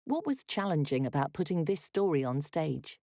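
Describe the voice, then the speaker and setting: A woman's voice: sits low, sing-song, moderate pace, dark tone, dry recording, clean studio sound. A woman interviewer reading out short, plain questions.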